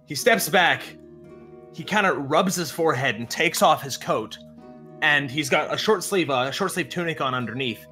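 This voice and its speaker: A man running a tabletop game, with a bright, slightly high voice. He rambles through his descriptions with many fillers and restarts. Faint music plays under him. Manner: rambling, filler-heavy narration with frequent laughs. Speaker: game master.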